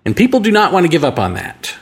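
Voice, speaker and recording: A man hosting a show, talking through ideas in a musing monologue full of rhetorical questions and slow, deliberate phrasing. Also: sits high, huge pitch swings, slightly rough. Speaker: podcast host. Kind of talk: reflective monologue.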